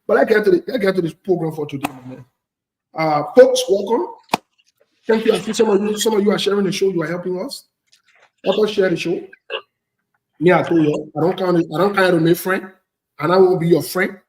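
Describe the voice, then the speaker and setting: A Liberian man hosts a casual talk show in a bold, blunt manner. His voice sits high for a man, and he drives each point home by repeating it. The recording sounds roomy, with a clear echo. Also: brisk, pauses often, a little mellow, a little hiss or hum. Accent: Liberian English. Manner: blunt, preachy, repeats phrases for emphasis. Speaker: host.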